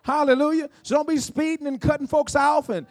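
A man with a very high voice preaching a sermon. He repeats his phrases and calls out praise between points. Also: steady tone, brisk. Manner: preaching with call-outs and repetitions. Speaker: pastor.

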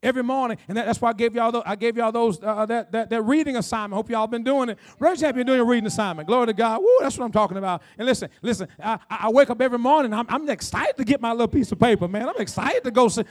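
Man preaching, very high voice, emphatic, repetitive, call-and-response, drawn-out phrases, church sermon. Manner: slows down to draw out key phrases. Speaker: pastor. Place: church sanctuary.

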